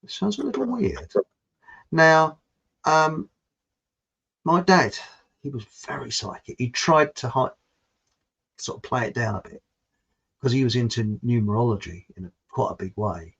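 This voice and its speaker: A man's voice: mid-range voice, lively intonation, unhurried, vocal fry, long pauses, a bit bright, slightly rough. A British man hosting a casual chat, rambling and chatty, laughing at his own jokes. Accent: British English. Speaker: host. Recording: muffled lo-fi audio.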